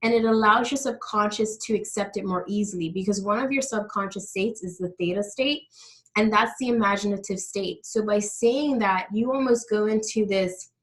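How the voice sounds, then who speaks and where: A woman leads a live online workshop as a coach, explaining each step in a friendly, direct way. She speaks at an average pitch, addressing her audience through a video call microphone. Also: moderate pace, poor audio. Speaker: money mindset coach.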